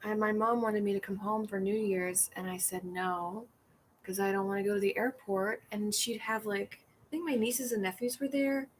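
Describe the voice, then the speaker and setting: A woman's voice: medium pitch, steady tone, moderate pace, slight background noise. A middle-aged woman chatting casually and rambling, reading viewer comments aloud and acting out the people in her stories. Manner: rambling, self-deprecating, acts out quoted people. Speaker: comedian hosting a livestream.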